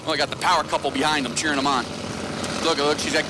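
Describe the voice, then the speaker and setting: A man calling drag races live from the announcer tower, joking, excitable and teasing the racers. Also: a little high, fast, heavy background noise. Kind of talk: live race commentary.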